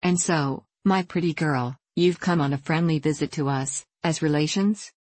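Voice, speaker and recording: A woman reading a bold, coaxing young gentleman. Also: sits low, normal speed, no echo. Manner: bland, coaxing.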